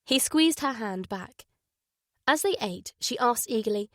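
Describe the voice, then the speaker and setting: A woman reading a thriller audiobook in an even, measured narration. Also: a little high, no room sound, clean studio sound. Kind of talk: scripted narration.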